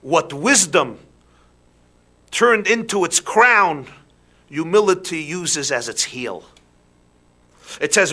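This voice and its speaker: A rabbi delivers a sermon in a high, bright male voice. He asks rhetorical questions with animation, then drops into soft emphasis.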